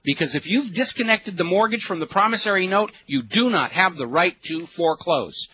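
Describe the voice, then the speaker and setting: A man's voice: sits high, lively intonation, moderate pace, bright, forceful tone. A middle-aged man hosting a political talk radio show, ranting in an impassioned way. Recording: lo-fi radio broadcast with faint noise.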